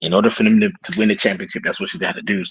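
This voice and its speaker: A man's voice: fairly low pitch, fairly even intonation, racing, a bit bright, husky, dry recording, lo-fi sound. A man giving his final thoughts on a sports panel, hesitant with many fillers. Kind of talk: casual sports talk.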